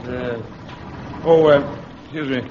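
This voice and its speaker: An actor playing a vague, languid, gentlemanly sergeant in a radio comedy. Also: male voice, mid-range voice, steady tone, slow, close to an everyday voice. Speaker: home guard sergeant. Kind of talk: 1960s radio comedy acting. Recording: muffled old radio recording with loud hiss.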